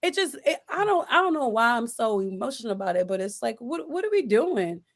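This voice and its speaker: A woman's voice: on the high side, big pitch swings, a little fast. A woman hosting a casual sports chat, talking emphatically with frequent restarts and repeated exasperated questions. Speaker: sports podcast host.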